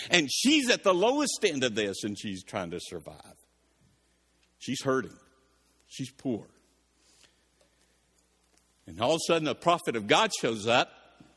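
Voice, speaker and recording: A man preaching a sermon. He reads scripture and breaks off to explain it with lively asides, in a voice pitched a little high. A long reverb trails after his words in a large hall. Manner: reads verses then explains them, with animated asides.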